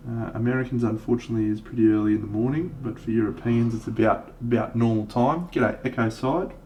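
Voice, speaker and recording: A man's voice: mid-range voice, quick pace, warm tone, slight background noise. A young Australian man chatting casually and laughing easily while painting models on a live stream.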